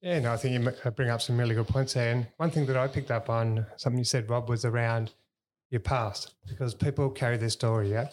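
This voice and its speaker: A man's voice: medium pitch, steady tone, fast, a little mellow, slight background noise. A middle-aged man as a podcast guest, reflective and earnest, restarting his sentences as he thinks. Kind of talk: casual podcast conversation.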